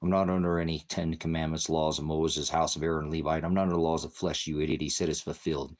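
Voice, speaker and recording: A man with a very low voice delivers an angry, profane livestream rant as a preacher. He curses and insults constantly and speaks straight at a commenter, and his deep tone stays confrontational throughout. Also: flat delivery, fast talker. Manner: heavy cursing, insulting and berating. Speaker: online preacher.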